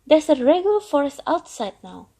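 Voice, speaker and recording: A woman voicing an old trapped male turtle who is sly and boastful, talking in a coaxing way that turns loudly gleeful. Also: high-pitched, big pitch swings, moderate pace, voice pushed up. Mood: delighted.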